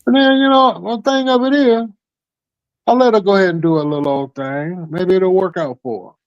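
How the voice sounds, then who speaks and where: A man calls in to a morning talk show and rambles through a story, cursing constantly and getting worked up as he goes. His voice sits fairly high for a man, and the recording is dry and close. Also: moderate pace, no room sound, muffled recording. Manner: profane, heated rambling storyteller. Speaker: caller telling a story. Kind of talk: casual call-in chat.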